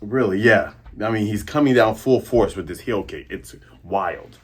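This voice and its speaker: A man hosting a casual manga chapter review, excitable and acting out scenes as he goes. His voice is husky and a little breathy. His pitch swings widely and lively. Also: normal speed. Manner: animated, excitable, acts out scenes.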